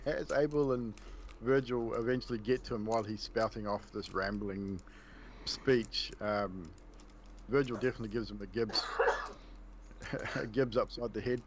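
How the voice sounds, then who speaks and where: A man's voice: on the low side, steady tone, normal speed, pauses often, background noise. A man playing a tabletop role-playing game, laughing as he describes his character's actions. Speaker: player. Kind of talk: casual tabletop play.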